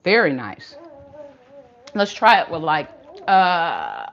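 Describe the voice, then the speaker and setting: A woman's voice: deep voice, wildly swooping pitch, slow. An older woman hosting a live cooking stream, chatty and encouraging in a folksy way. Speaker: cooking livestream host. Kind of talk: casual live cooking chat. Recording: muffled lo-fi livestream audio, faint room hum.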